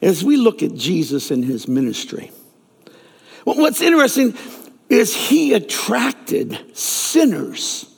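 A man's voice: sits high, very animated, takes it slowly, vocal fry, breathy edge. A man preaching a sermon, telling a story and acting out the characters' lines in raised voices. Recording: long reverb of a large hall.

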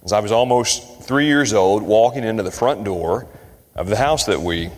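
A man from Kentucky preaching a sermon, shifting his pace and pitch for emphasis as he quotes scripture. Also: moderate pace. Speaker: pastor. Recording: long hall reverb.

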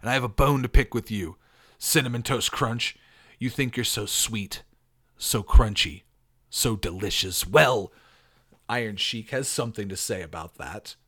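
A man putting on a tough wrestler voice to read out a loud, intense promo. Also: on the low side, a little slow.

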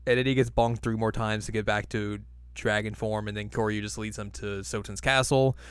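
A man chatting casually as a podcast co-host, recapping an episode and laughing, often putting on quick funny voices for the characters. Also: fairly low pitch, fairly even intonation, clean tone, no echo. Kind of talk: casual chat.

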